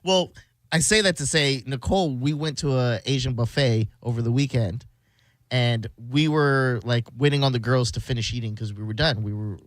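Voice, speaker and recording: A man's voice: mid-range voice, normal speed, no room sound. A man hosting a radio show, rambling through a family story in a casual on-air chat and laughing as he talks. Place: radio studio.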